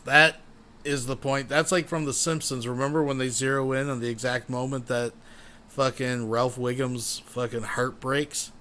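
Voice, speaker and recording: A man's voice: mid-range voice, little pitch movement, moderate pace, sharp tone. A man hosting a casual reaction commentary. He is tipsy from beer and talks in a loose, crude, rambling way. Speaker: commentary channel host.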